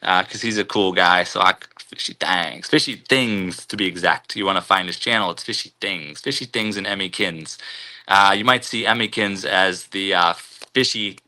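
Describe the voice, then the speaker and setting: A man's voice: deep voice, normal speed, bright, forceful tone. A man hosting a casual live stream, greeting viewers and rambling loosely through spiritual musings.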